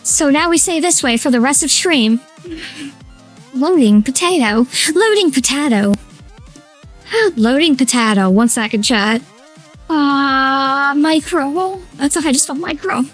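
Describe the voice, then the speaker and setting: A man streaming a game through a feminine voice changer, chatting excitably with his chat, squealing and giggling. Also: very high voice, unhurried, soft background music, voice pushed up. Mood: playful. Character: high feminine streamer voice, playful. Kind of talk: casual live-stream chat while gaming.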